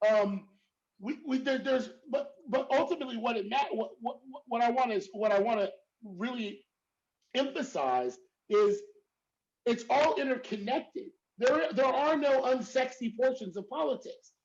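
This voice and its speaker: As a professor on a panel, a man speaks emphatically and keeps checking in with "right?" over and over. His very high-pitched voice has lively intonation and a measured pace, and the audio is dull and lo-fi.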